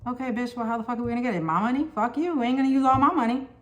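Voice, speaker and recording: A woman's voice: on the high side, rapid-fire, highs cut off, slight background noise. Woman tarot reader, casual and sassy, swears freely and talks straight to the listener. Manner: blunt, profane and sassy.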